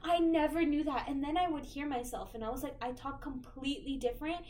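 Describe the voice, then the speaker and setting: High-voiced chatty young woman. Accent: American. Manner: animated, filler-heavy, quick to laugh. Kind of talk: casual chat.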